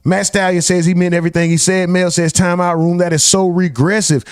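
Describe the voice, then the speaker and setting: A young man hosts a live reaction stream, reading viewers' comments and reacting with loud disbelief. His voice sits a bit high, and the mic is close and dry with no room sound. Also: level tone, a little fast, clean tone, dry recording. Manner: incredulous, swearing, reads chat comments aloud.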